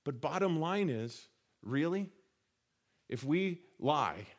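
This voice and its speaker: Man, sermon, slightly higher voice, conversational teaching, rhetorical questions. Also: expressive, takes it slowly. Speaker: pastor.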